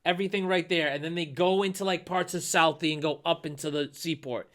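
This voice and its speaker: Bright-voiced animated man. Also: on the high side, fairly quick. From Boston. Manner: animated, profane, rants with rising emphasis. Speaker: podcast host. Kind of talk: casual podcast chat.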